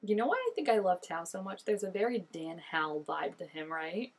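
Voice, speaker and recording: This reaction video host, a young woman, gushes through casual commentary full of "like" fillers and laughs often. Her voice is on the low side and very animated, at normal speed.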